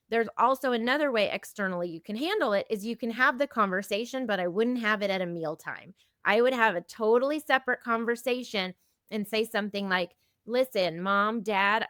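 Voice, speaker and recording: Gentle woman in her fifties explaining. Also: mid-range voice, clean tone, no echo, studio quality. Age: 50s. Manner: gentle, explanatory, acts out example dialogues. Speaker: eating disorder specialist guest. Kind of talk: casual podcast conversation.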